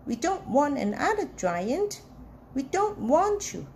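A woman reading aloud, voicing a crowd of wary village folk who call out together in a shouty way. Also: high-pitched, big pitch swings, slow pace, a little hiss or hum, heavily acted. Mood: hostile.

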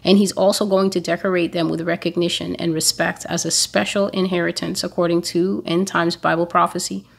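Emphatic woman preaching a sermon, low voice. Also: flat delivery, brisk, creaky, hardly any pauses, husky. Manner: earnest, emphatic, repeats phrases for stress. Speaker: prophecy blog preacher.

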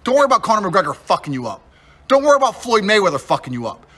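A man hurls an aggressive, profane challenge, taunting his target. His voice is high and sharply forceful, with a tense edge throughout. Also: big pitch swings, very fast, breathy edge. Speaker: internet personality. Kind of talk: confrontational callout rant.

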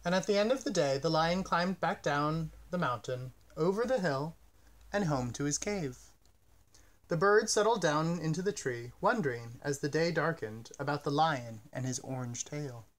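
Expressive man reading a picture book. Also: on the high side, moderate pace. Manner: gentle, expressive storytelling. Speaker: storyteller. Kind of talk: children's picture-book read-aloud.

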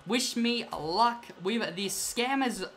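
A young man playing an online game, casually talking to viewers and trading with another player, excitable and quick to protest when crossed. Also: extremely high pitch, a little hiss or hum. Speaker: gaming YouTuber. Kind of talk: casual gameplay commentary and trading.

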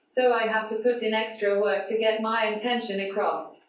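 A conference speaker's prepared talk is voiced through text-to-speech, giving her a flat, artificial computer voice without intonation, on the high side and at a normal speed. The recording picks it up from far off in an echoey, large conference hall.

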